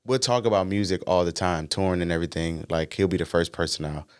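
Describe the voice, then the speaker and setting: A man with a low, smooth voice, talking as a podcast guest. He tells stories in a relaxed, slangy way with plenty of easy fillers. The sound is dry and close. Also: fast talker, dry recording. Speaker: guest, R&B singer-songwriter. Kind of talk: casual podcast conversation.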